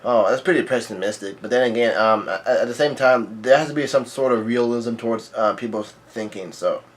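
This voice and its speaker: A man's voice: medium pitch, brisk. A man casually reading through a comic chapter aloud and adding his own comments, delivering the quoted lines in the same plain, level voice. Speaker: manga reader and commentator.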